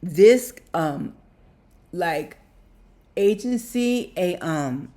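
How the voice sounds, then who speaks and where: Her voice is on the low side, mellow and expressive, with drawn-out words. The woman rambles emotionally in a personal vlog, speaking directly to "you guys," repeating things and breaking into laughter partway through sentences.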